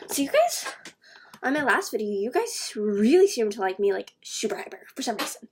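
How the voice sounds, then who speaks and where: A woman's voice: fairly high pitch, big pitch swings, brisk, noisy background. A young woman chatting casually to her camera as a vlogger, bubbly and giggly, often gasping and dropping into whispers. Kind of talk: casual vlog chat.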